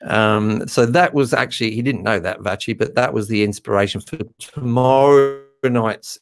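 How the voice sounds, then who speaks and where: A middle-aged man hosts a live stream in casual chat. He rambles warmly along with plenty of ums and uhs and sounds a touch nervous. His pitch sits in an ordinary middle range. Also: normal speed. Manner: chatty, slightly nervous, many fillers.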